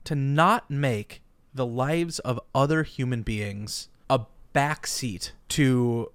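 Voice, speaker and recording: A man co-hosting a casual chat, telling stories in an animated way and laughing often. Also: medium pitch, slow, dry recording. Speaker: podcast co-host. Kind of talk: casual comedic storytelling.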